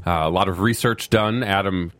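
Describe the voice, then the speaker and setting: A man's voice: deep voice, normal speed, fairly bright tone, slight background noise. A man co-hosting a podcast in casual chat, joking and stumbling over his words. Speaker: podcast co-host.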